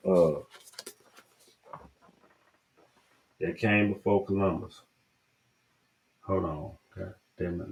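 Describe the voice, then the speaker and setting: This podcast host is a man from the Southern United States with a matching accent, giving a casual book review in a rambling, emphatic style and swearing freely. His voice is low-pitched and a little mellow, and the audio quality is poor.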